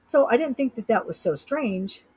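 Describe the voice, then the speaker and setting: A woman's voice: fairly high pitch, expressive, normal speed, a little mellow, husky, rough recording. A middle-aged woman from Utah, a hypnotist guest in an interview, telling a personal story with animation and acting out her own thoughts. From Utah, USA.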